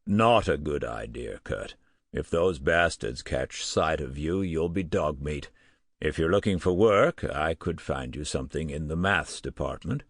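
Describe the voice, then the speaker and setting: A male audiobook narrator voicing a blunt, gruff professor with an American accent. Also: very deep voice, expressive, a little slow, no echo, studio quality, full character voice.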